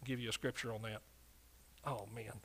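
A man preaching a sermon as pastor, swinging between loud declarations and quiet asides, often calling out for an amen. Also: lowish voice, little pitch movement, normal speed.

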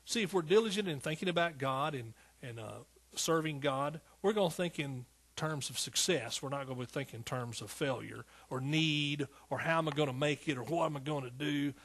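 Man, preacher, fervent rhythmic sermon, husky voice, fairly high pitch. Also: a little fast, few pauses, a bit bright. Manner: fervent, rhythmic preaching with repeated calls to the congregation.

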